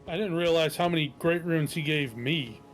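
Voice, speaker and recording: A man talks through a co-op game with a buddy in a laid-back way, cursing casually. His voice sits a little higher than most men's. Game music plays behind him. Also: moderate pace. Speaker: co-op teammate. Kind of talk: casual gaming chat.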